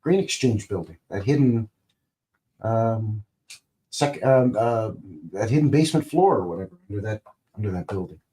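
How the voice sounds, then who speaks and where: A man's voice: on the low side, lively intonation, normal speed, pauses often, mellow. A man hosting a live stream, talking casually in a rambling, conversational way, full of "you know" and "right?".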